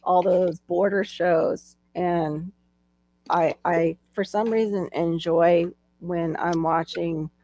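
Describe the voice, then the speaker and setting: A woman's voice: fairly low pitch, fairly even intonation, slow pace, warm tone, dry recording. A middle-aged woman from the southern United States co-hosting a casual livestream chat, talking freely and laughing often as she reads out viewer comments. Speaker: livestream co-host.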